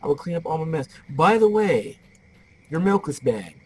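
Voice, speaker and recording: A man voicing a polite male burglar who calmly warns the homeowner, talking in a mock-menacing but courteous patter. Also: fairly high pitch, normal speed, breathy edge, voice pushed up. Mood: breezy, polite. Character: chatty polite male burglar, casually threatening.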